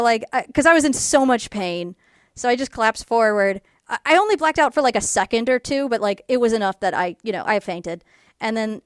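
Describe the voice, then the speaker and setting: A woman casually telling a personal story to camera in a rambling way, full of fillers, and animated when she quotes people. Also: a little high, smooth, no echo, studio quality. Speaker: YouTuber.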